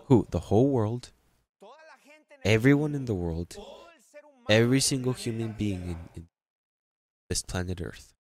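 A man's voice: on the low side, animated, measured pace, pauses often, a little mellow. A man preaching a sermon with an accent, drawing out words and rising into emphatic bursts. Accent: non-native English. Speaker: pastor.

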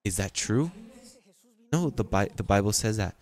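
A man's voice: on the low side, lively intonation, normal speed, a little mellow. A man preaching a sermon with an accent, drawing out words and rising into emphatic bursts. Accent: non-native English. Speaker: pastor.

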